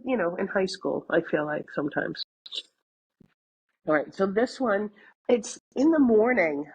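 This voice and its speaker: A woman's voice: a little high, a little mellow, breathy edge, poor audio. A middle-aged woman co-hosting a podcast, chatty and storytelling, laughing often and swearing casually. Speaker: podcast co-host. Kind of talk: casual chat.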